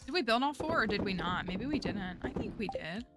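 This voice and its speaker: A woman's voice: mid-range voice, animated, brisk, over loud music. A woman streaming a game, chatting casually as she plays, thinking aloud and talking to her viewers. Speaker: livestreamer. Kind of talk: casual gameplay commentary.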